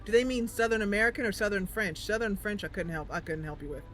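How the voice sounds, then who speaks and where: A woman hosting a gaming channel, reading a story game aloud with giggly, expressive commentary. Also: medium pitch, fast talker, soft background music.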